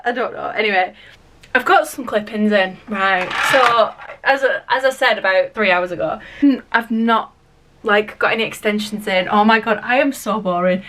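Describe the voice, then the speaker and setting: A chatty woman vlogging at home, rambling along with plenty of "like" at a middling pitch. She sits a little away from the camera, and her voice carries a roomy echo with a faint hum of background noise. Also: moderate pace, far from the mic. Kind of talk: casual chat to camera. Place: at home indoors. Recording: roomy sound from off-mic.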